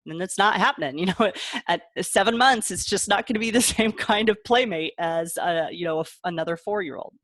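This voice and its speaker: Chatty woman parent coach, low voice. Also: dry recording, clean studio sound. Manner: warm chatty explaining, acts out kid voices, laughs often. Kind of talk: casual advice talk.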